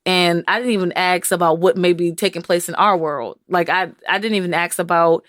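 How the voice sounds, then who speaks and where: A woman co-hosting a podcast in casual chat, animated and given to acting out quoted voices. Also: brisk, no room sound, clean studio sound. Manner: animated, acts out quoted voices in high pitch. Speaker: podcast co-host.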